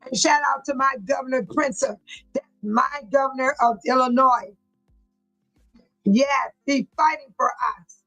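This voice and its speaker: A woman with a high voice hosts a casual livestream and reads out viewer chat. She talks in an emphatic, preachy way, repeats her points and laughs often. Soft music plays faintly behind her. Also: measured pace, low-quality recording.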